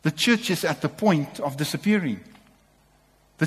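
A man's voice: a little high, animated, normal speed, long pauses, husky, long reverb tail. A man preaching a sermon to a congregation, impassioned and repeating short calls to take courage.

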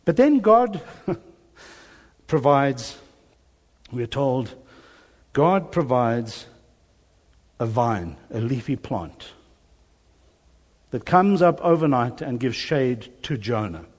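A man preaching a sermon, telling a Bible story with animated storytelling and voiced dialogue, chuckling now and then. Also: medium pitch, slow pace, long pauses. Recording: long hall reverb.

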